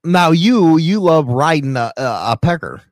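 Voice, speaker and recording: A man's voice: on the high side, lively intonation, moderate pace, no echo, studio quality. A man co-hosting a podcast, cracking crude jokes and laughing often in casual banter. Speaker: podcast co-host.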